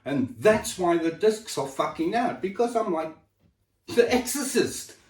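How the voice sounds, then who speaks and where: A man pours out his health struggles in a raw, emotional chat full of swearing, his level dropping off suddenly at times. His voice sits high and is a little mellow, with lively intonation and a measured pace. The room is echoey and he is set back from a distant mic.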